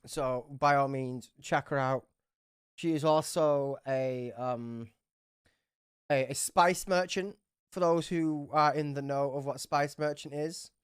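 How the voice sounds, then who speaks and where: A woman's voice: low-pitched, fairly even intonation, slow pace, smooth, dry recording, clean studio sound. A woman running a tabletop game livestream, chatty and swearing freely as she narrates. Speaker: game master.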